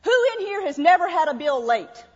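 A woman's voice: very high-pitched, big pitch swings, brisk, big-room sound, lo-fi sound. A woman pastor, preaching a sermon in a folksy, repetitive way with acted-out asides.

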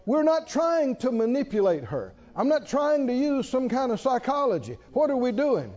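A man preaching a sermon in an animated, storytelling way, often chuckling. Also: extremely high pitch, moderate pace, in a large hall, dull audio.

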